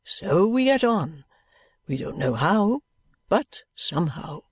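A woman voicing an airy, whimsical gentleman. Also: on the low side, sing-song, takes it slowly, breathy edge, dry recording, clean studio sound, full character voice. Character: airy, whimsical middle-aged gentleman, childlike and carefree. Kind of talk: audiobook reading.

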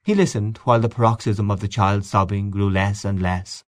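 Low-voiced man narrating a story. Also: fairly even intonation, normal speed, dry recording, studio quality. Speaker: audiobook narrator. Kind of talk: scripted literary narration.

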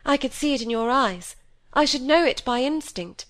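A woman's voice: sits high, animated, moderate pace, a bit bright, pitched above the performer's own voice. A wilful young woman speaks with proud, bitter passion, put on by a woman reading a novel aloud. Her voice sits a little above the narrator's and pushes forward with some force. It is a storybook character in an audiobook. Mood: defiant.

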